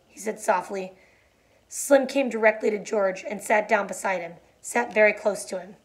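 A woman reads a novel chapter aloud in a quiet, even voice that drops low on the somber lines. When she finishes, she explains the ending in a chatty way, with fillers and restarts. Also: normal speed. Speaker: teacher reading a novel aloud. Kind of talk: read-aloud and plain explanation.

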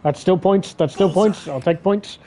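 A man commentating his own video game play on a live stream, swearing often and getting excitable. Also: high voice, normal speed, slight background noise. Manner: sweary, excitable, talks to himself while playing.

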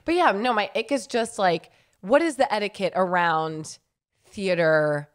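A woman's voice: medium pitch, unhurried. A woman co-hosting a podcast in casual chat, rambling through stories, laughing often and swearing freely. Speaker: podcast co-host.

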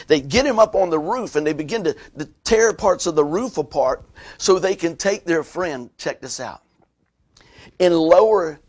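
A man preaches in a lively, conversational way. His voice sits a little higher than most men's. He keeps turning to his listeners with asides as he works through the passage. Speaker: pastor. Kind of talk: sermon.

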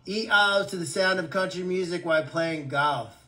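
High-voiced joking man chatting on livestream. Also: moderate pace, pushed and bright. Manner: joking, rambling, with stammered restarts. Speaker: animal sanctuary livestream host. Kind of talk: casual livestream chat answering viewer comments.

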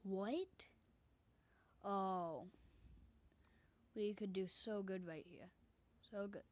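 A woman's voice: mid-range voice, extremely slow, a little mellow. A woman commenting on a game she plays from her bedroom, often dropping into a whisper, into a desk microphone. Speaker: gamer. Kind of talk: casual gameplay commentary.

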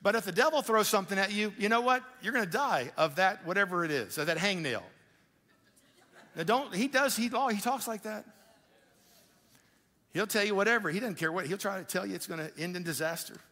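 A male pastor preaching a sermon in a conversational, animated way, with quick asides to the congregation. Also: high voice. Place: church auditorium. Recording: live church hall with long reverb.

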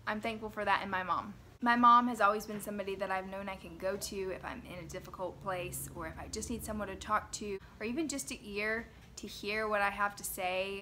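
A young woman, a mother, recalling family memories at home in a gentle, earnest and reflective way. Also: medium pitch, background noise. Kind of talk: personal reminiscence to camera.

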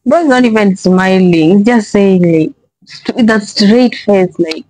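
A woman's voice: mid-range voice, measured pace, darkish tone, no echo, low-quality recording. Exasperated woman swearing through a reaction. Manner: exasperated, profane, repeats herself. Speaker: reaction video host. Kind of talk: casual reaction commentary.

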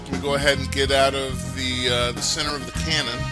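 A man's voice: mid-range voice, level tone, quick pace. A man hosting a let's play, chatting casually over his gameplay in a rambling, joking, self-mocking way. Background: background music.

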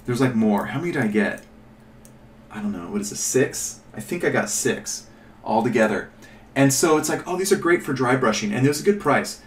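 A man's voice: mid-range voice, expressive, brisk, a little hiss or hum. A man hosting a casual miniature painting tutorial, chatting and thinking aloud as he rambles and corrects himself. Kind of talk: casual show-and-tell tutorial. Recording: echoey room, mic at a distance.

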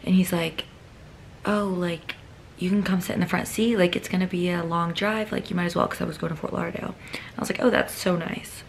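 Gravelly-voiced young woman vlogger. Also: fairly low pitch, steady tone, fast, slight background noise. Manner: chatty, rambling, heavy use of "like". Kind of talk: casual storytelling to camera.

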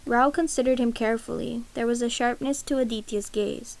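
A woman reads a novel aloud in a steady, even way. Her voice is a touch high and has a gravelly texture. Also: fairly quick, few pauses, poor audio. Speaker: narrator. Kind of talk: audiobook reading of a novel.

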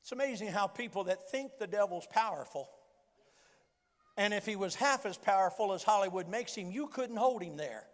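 A man with a West Virginian accent preaching a fervent Pentecostal sermon, telling a story with emphatic repetition and shouted declarations. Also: sits high, expressive, moderate pace. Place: large church sanctuary. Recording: long hall reverb from church PA.

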